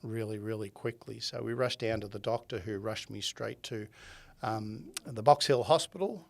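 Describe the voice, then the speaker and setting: A man's voice: on the low side, moderate pace, creaky. A man in his seventies with an Australian accent, a podcast guest who tells his story with energy, acting out quoted dialogue and often laughing. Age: 70s. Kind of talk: conversational storytelling.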